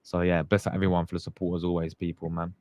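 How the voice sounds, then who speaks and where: A man's voice: low voice, flat delivery, quick pace, darkish tone, no room sound, highs cut off. A young man hosting a live fan stream, chatting casually and greeting viewers by name in slangy talk. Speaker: fan channel host.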